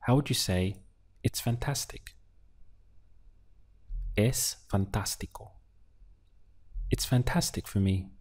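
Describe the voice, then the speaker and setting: A man's voice: fairly low pitch, takes it slowly, pauses often, a little mellow. A man teaching a beginner language lesson, patiently prompting the learner and then giving each answer. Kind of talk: slow instructional lesson.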